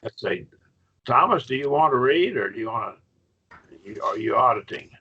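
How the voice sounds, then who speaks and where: A man's voice: mid-range voice, expressive, moderate pace, bright, forceful tone, husky, dull audio. A man teaching a Greek grammar class online, patient and questioning, with frequent okays.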